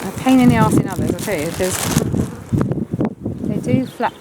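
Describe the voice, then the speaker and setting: A woman's voice: medium pitch, normal speed. A woman beekeeper chatting bluntly and coaxing her bees while she works on a hive outdoors in the wind. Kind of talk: casual hands-on commentary while working. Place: outdoors at beehives on a windy day. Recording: loud wind and bee buzzing behind.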